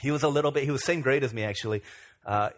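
A middle-aged man from Virginia, a pastor telling stories in a relaxed, self-deprecating way during a sermon. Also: mid-range voice, rapid-fire. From Virginia, USA. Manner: conversational, self-deprecating storyteller. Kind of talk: storytelling sermon.

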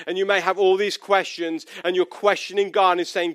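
A man's voice: high-pitched, steady tone, normal speed, hardly any pauses, fairly bright tone, clean tone, no echo, studio quality. A pastor in his thirties preaching a personal, conversational sermon, often restarting his sentences.

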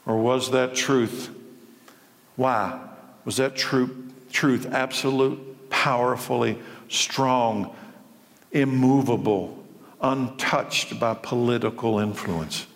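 A man's voice: mid-range voice, fairly even intonation, takes it slowly, long reverb tail. A man preaching a sermon to a live church audience, firing off rhetorical questions and building to raised, emphatic passages. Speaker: pastor.

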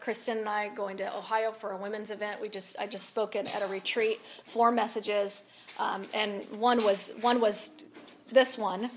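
A woman's voice: mid-range voice, slight background noise. A woman speaking at a women's event, telling a story in a sermon, acting out both sides of a conversation and laughing often. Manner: animated, acts out dialogue, laughs often.

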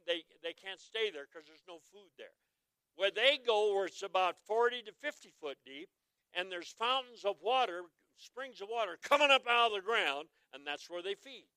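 A man preaching a humorous sermon, telling folksy stories and asking the crowd to answer him, swinging from quiet asides to loud exclamations. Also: high voice, clear, resonant tone, no echo, poor audio. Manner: folksy, joking, asks the crowd for responses. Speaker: traveling evangelist.

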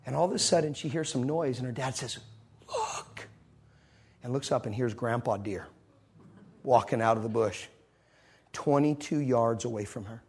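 A man delivers a sermon to a congregation in a slightly husky voice. He tells a story, then swings from loud, driving lines to hushed, intimate ones, and laughs along with the room. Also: mid-range voice, moderate pace. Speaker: preacher.

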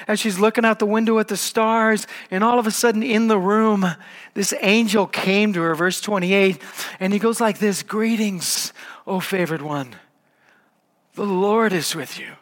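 A man preaching a sermon, telling the story in a casual, conversational way with lively asides. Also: very high-pitched. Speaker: pastor. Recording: long hall reverb.

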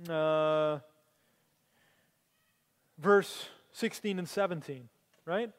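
A man preaching a sermon, telling stories with animated energy that climbs to excited peaks. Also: on the high side, extremely slow. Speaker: pastor. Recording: long hall reverb.

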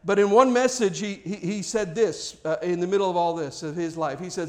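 A man with a notably high-pitched voice preaches to his congregation. He builds emphasis as he goes, often stumbling and restarting words mid-phrase in an earnest sermon style. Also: a little fast, few pauses, a little mellow. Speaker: pastor.

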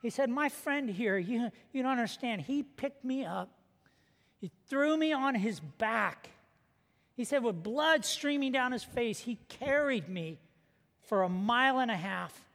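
Man, pastor, sermon, storytelling, high voice, long hall reverb. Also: fairly bright tone. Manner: storytelling, acting out quoted voices.

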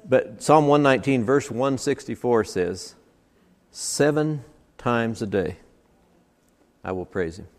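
A man preaching in a mid-pitched voice, pressing his points hard by stacking repeated phrases one after another. The sound rings with a long hall reverb, as if at a church service. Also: slow. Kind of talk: sermon.

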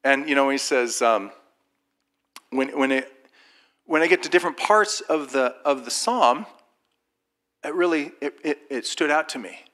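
Bright-voiced man telling a faith story. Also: medium pitch, a little slow, long pauses. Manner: animated storyteller who acts out other people's voices. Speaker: Christian speaker sharing a personal testimony. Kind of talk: informal faith testimony storytelling.

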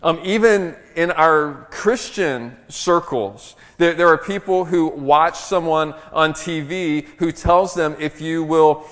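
A middle-aged man preaching a sermon as a pastor, moving between a hushed, slow prayer and lively storytelling. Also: fairly high pitch. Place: church. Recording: long reverb of a church hall.

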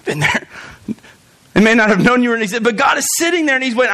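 High-voiced animated young male preacher. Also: quick pace, pauses often. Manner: animated, joking asides, talks straight to the congregation. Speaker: pastor. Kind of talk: sermon.

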